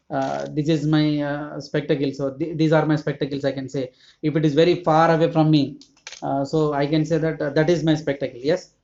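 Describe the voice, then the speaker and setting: A man's voice: fairly high pitch, creaky, darkish tone. Man teaching grammar with many fillers. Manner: hesitant, many "uh" fillers, repeats word lists. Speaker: school teacher. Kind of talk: classroom grammar lesson. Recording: dull lo-fi recording.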